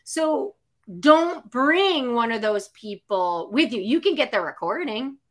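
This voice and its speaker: A woman's voice: fairly high pitch, expressive, takes it slowly. A woman who works as a psychic medium, talking casually, full of fillers and acting out the voices of the people she quotes. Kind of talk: casual chat.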